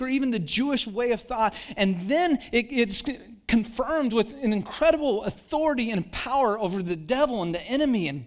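In church, a pastor preaches conversationally to his congregation, acting out quotations and dropping his voice low and quiet to emphasize points.

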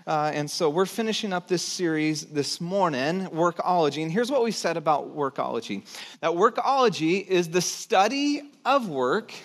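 High-voiced male pastor preaching softly. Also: expressive. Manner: conversational, pausing often, drops low and soft at phrase ends. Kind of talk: sermon. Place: church sanctuary.

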